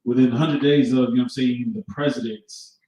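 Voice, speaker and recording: A man chatting casually in a rambling, halting way, full of fillers and restarts. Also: medium pitch, fairly even intonation, dark tone. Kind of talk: casual chat. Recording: distant mic in very echoey room.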